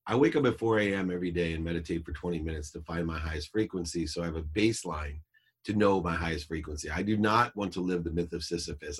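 A man's voice: deep voice, husky. A middle-aged man talking as a guest in a podcast interview, telling a personal story in an earnest, reflective and emphatic way.

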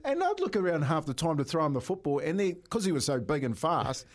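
A New Zealand man on sports radio spinning a yarn, animated and chuckling through it. His voice sits slightly high. He talks like he's among mates. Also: fast. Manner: animated storyteller, laughs as he talks. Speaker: radio sports show co-host. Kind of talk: casual radio storytelling.

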